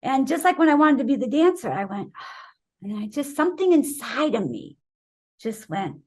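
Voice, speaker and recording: A woman in her sixties tells a story as an interview guest, and her voice sits high and swings widely as she acts out the people she quotes. Her tone is a little husky. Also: sing-song, moderate pace. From Wisconsin, USA. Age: 60s.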